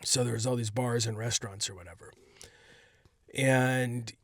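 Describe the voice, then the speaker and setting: A man's voice: medium pitch, steady tone, normal speed, a bit bright, dry recording. A man hosting a solo podcast as a stand-up comedian, telling a casual story in a loose, rambling way. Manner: rambling, laid-back, heavy on "like".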